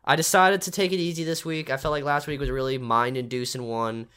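A man's voice: medium pitch, fairly even intonation, fast talker, sharp tone, smooth. A man giving a rambling weather and trivia segment on a casual sports podcast, filling his talk with "like" and repeats. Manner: rambling, repeats himself with many "like"s.

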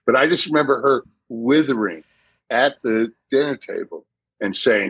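A man's voice: medium pitch, expressive, moderate pace, creaky, a bit bright, breathy edge, no room sound, low-quality recording. A middle-aged man from Massachusetts with a Boston accent, telling stories in a casual podcast chat. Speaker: guest actor.

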